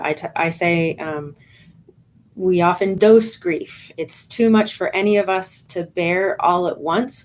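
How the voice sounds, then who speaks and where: A woman chaplain giving a gentle training talk to volunteers, calm and explaining, with frequent ums and restarts. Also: lowish voice, a little hiss or hum.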